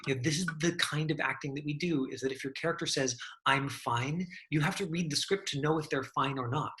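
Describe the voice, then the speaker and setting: Chatty male acting teacher, bright voice. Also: on the high side, fairly quick. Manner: chatty, loose, full of fillers and restarts. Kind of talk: online acting class over video call. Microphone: video call.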